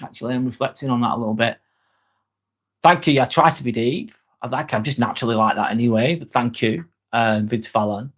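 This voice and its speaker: A man's voice: mid-range voice, fairly bright tone. A man hosting a casual live stream, reading viewers' comments aloud and answering them with frequent swearing. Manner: chatty, swears freely, answers viewers by name.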